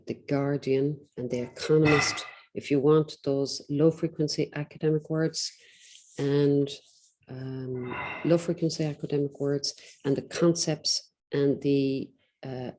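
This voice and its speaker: A woman tutor giving a spoken lesson on exam speaking skills, talking in an instructive way with frequent ums and deliberate slow pauses. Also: sits low, fairly even intonation, dark tone. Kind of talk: online teaching lesson.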